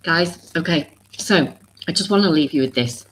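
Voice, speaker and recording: Low-voiced woman hosting a live stream. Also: normal speed, breathy edge, poor audio. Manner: rambling, earnest, full of restarts and asides; openly emotional and vulnerable. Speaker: oracle card reader and live stream host. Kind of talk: live-streamed casual talk to viewers.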